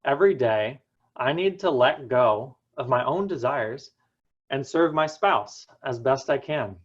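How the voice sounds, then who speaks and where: A young man giving a prepared personal talk, telling his story earnestly with dramatic pauses. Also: mid-range voice, expressive, highs cut off. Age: young adult. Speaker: student speaker.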